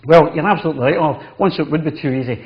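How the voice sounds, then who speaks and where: Fast-talking chef. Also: male voice, on the high side. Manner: chatty, instructive, says "wee" often. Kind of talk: cooking demonstration. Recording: dull lo-fi TV audio.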